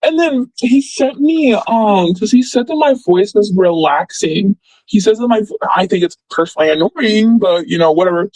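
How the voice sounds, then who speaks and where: A woman's voice: mid-range voice, normal speed, a little mellow, dry recording, rough recording. A young woman telling a story casually, rambling and filling with "like" and "blah, blah.". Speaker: former friend recounting events.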